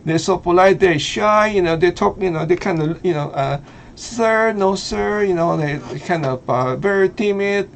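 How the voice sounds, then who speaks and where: A man's voice: high voice, normal speed, vocal fry, hardly any pauses, slight background noise. Filipino-accented man, hesitant casual commentary. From Philippines. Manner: hesitant, many fillers, laughs easily. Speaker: vlogger.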